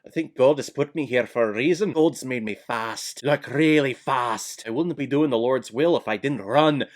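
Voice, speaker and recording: A man's voice: medium pitch, normal speed, lightly acted. A man putting on a poor Scottish accent to play a devout, earnest young male runner in mocking imitation. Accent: put-on Scottish, poorly done.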